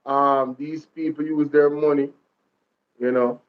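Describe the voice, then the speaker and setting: A Jamaican man hosts political commentary in a slightly high voice. He repeats his points and calls out to his viewers like a preacher. The sound is dull and lo-fi. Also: little pitch movement, slow. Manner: preacher-like, repeats lines, addresses viewers as "ladies and gentlemen" and "Jamaica". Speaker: commentary vlog host.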